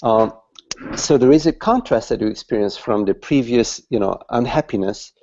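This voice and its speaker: Gravelly halting man teaching. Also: medium pitch, expressive, warm tone, lo-fi sound, slight background noise. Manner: slow, halting, repeats words while searching for them. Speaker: spiritual teacher. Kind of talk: satsang talk.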